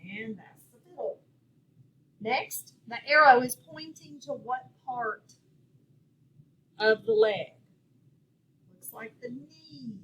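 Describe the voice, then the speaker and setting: A woman teaching a phonics lesson, walking through a worksheet and sounding out each word clearly and patiently. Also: on the high side, slow pace, pauses often, a bit bright, rough recording. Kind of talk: classroom lesson walkthrough.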